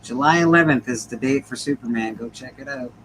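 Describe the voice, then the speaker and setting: A man with a bright, clear voice hosts a relaxed chat about comics and compliments the covers as they go by. He keeps an easygoing, friendly tone, with faint noise in the background. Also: mid-range voice, brisk. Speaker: podcast host. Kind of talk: casual chat.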